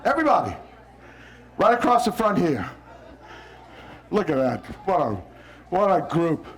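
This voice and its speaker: A man from New Orleans, a visiting poet, coaching children and parents to recite with expression, coaxing them along and breaking into shouted lines. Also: sits high, very animated, unhurried, a faint crowd. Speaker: visiting poet leading a school workshop. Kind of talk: lively workshop with children and parents.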